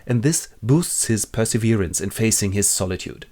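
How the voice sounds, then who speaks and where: A man's voice: lowish voice, animated, normal speed, dark tone. A man narrating a comic literature summary in a wry, ironic, playful way.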